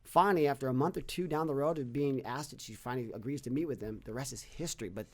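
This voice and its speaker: A middle-aged fitness business owner, guesting on a podcast, speaks quickly in a mid-range voice. He tells stories earnestly in a casual interview, often repeating and restarting his words.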